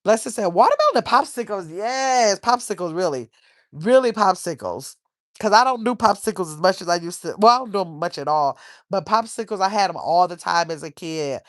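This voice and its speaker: A woman's voice: fairly low pitch, expressive, normal speed, no echo, clean studio sound. A middle-aged woman hosting a casual livestream, rambling and reading viewer comments aloud. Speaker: livestream host.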